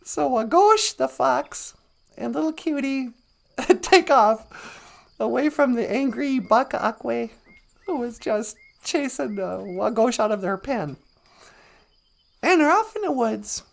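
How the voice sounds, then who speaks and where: A woman's voice: fairly high pitch, lively intonation, slow pace, vocal fry. A woman telling a humorous folk tale in a loose, chatty live-stream manner, chuckling along. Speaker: storyteller. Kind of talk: casual live-stream storytelling.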